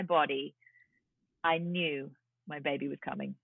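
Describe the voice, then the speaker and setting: A woman in her forties with an English accent, a guest telling a lively story and acting out the voices of the people in it. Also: fairly low pitch, moderate pace, creaky, no echo. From London. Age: 40s. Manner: lively, acts out quoted voices. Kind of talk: storytelling in a casual chat. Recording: tinny phone-like line, dry.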